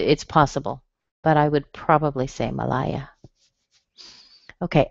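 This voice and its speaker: Lady teaching pronunciation online, slow careful syllables, kinda dull dry audio. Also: lowish voice, a little mellow, no room sound. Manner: slow, careful, over-enunciated demonstrations of stress. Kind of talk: webinar lesson.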